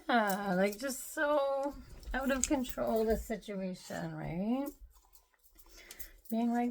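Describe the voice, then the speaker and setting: Slow-talking, musing woman in her thirties. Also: high voice, slight background noise. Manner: meandering, heavy use of "like", soft musing tone. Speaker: spiritual vlogger. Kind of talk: casual rambling monologue.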